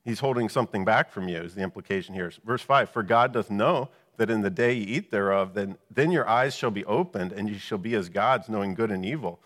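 A man's voice: on the low side, a little fast, few pauses, fairly bright tone, in a large hall. A man preaching a Bible lesson, explaining verses and asking rhetorical questions. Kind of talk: Bible teaching.

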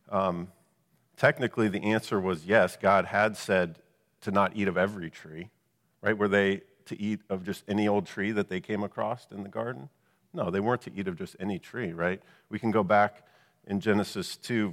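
In a large hall, a man with a fairly low, fairly bright voice preaches a Bible lesson. He explains verses and poses rhetorical questions as he teaches.

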